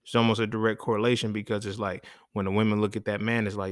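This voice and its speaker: A man's voice: lowish voice, level tone, a little fast, no echo, studio quality. A man hosting a solo talk show, speaking in a blunt, profane, casual monologue and often checking in with "you feel me". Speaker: podcast host.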